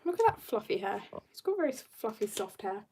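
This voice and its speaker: A woman's voice: mid-range voice, big pitch swings, a little fast, warm tone, breathy edge. A woman livestreaming as she draws, chatting casually with her viewers in a bubbly way and laughing often. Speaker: livestreaming artist. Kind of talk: casual chat while drawing, reading chat.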